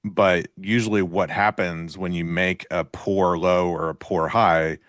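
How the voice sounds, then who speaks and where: A man co-hosting a live trading show, chatting casually and explaining market ideas in a relaxed way. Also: low voice, measured pace, no echo, clean studio sound.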